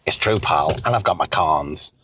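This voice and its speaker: A man's voice: very deep voice, normal speed, bright, forceful tone, a little hiss or hum, voice pushed down. A man voicing an elderly, foul-mouthed, bossy wife who nags and mocks in a crude, sarcastic way. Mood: nagging.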